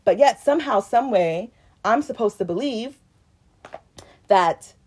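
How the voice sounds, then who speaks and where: A woman's voice: fairly high pitch, expressive, a little slow, a little mellow, breathy edge. Heated, indignant young woman co-host. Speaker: podcast co-host. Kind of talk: casual chat.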